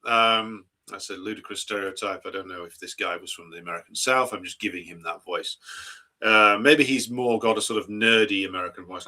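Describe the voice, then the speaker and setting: A man's voice: lowish voice, normal speed, bright, forceful tone. A man hosting a political commentary stream, arguing his case and posing rhetorical questions. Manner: argumentative, asks rhetorical questions.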